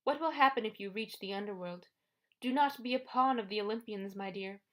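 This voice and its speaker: A woman's audiobook character voice brings to life Medusa, the ancient monstrous woman posing as a sweet old lady, with a soothing, coaxing purr. She speaks a little fast, at medium pitch, with a fairly bright tone not far from her everyday voice.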